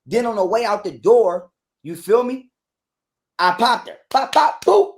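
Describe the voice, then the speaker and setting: A man's voice: high-pitched, a little slow. Profane, ranting man. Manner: profane, ranting, repeats himself, acts out quotes loudly. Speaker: guest telling his side of a breakup. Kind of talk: heated interview talk.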